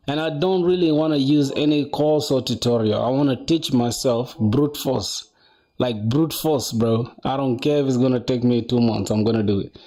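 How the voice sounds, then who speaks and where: Young male streamer, rambling casual chat, mellow dark tone, keeps saying bro. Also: mid-range voice. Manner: chatty, rambling, says bro a lot, reads chat aloud. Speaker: coding livestreamer.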